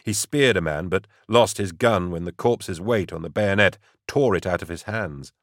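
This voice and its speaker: A man narrating an audiobook in a steady, dramatic way. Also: deep voice, moderate pace, no room sound, clean studio sound.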